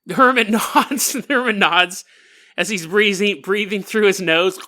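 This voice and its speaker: A man's voice: high-pitched, unhurried, sharp tone. A man hosting a podcast, casually retelling a folk tale with joking, rambling asides. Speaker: podcast host. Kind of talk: casual storytelling.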